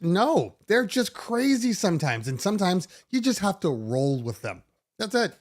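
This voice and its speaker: Animated, sarcastic middle-aged man talking. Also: high-pitched, normal speed. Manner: animated, sarcastic, many restarts. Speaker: DJ podcast host. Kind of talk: casual monologue.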